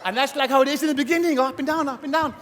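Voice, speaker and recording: High-voiced male speaker in an echoing hall. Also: racing. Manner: energetic, shouts to rouse the crowd, acts out voices. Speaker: motivational speaker. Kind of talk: motivational stage talk. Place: large conference hall. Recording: long hall reverb.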